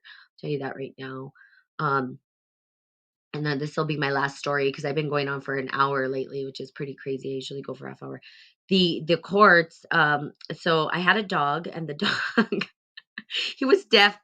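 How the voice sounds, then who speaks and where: Low-voiced woman rambling thru a story, lots of ums and restarts, bright edgy tone. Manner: rambling, conversational, frequent fillers and restarts; animated when retelling a story. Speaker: host. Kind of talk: casual storytelling talk.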